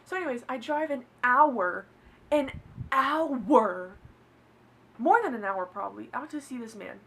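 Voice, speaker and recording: A woman's voice: a little high, lively intonation, measured pace, creaky, a bit bright, breathy edge, poor audio. A young woman telling a personal story in a casual, chatty way, swearing and laughing along.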